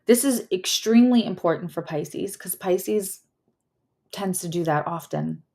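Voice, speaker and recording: A woman's voice: lowish voice, a little slow, vocal fry, a little mellow. A woman giving a casual astrology and tarot reading, chatty and rambling, often correcting herself mid-sentence.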